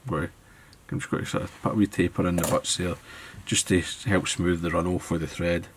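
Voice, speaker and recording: Seated at his tying desk, a Scottish man narrates a fly-tying tutorial in an easygoing manner, thinking aloud as he works. His low voice holds a level tone and moves a little fast, with slight background noise.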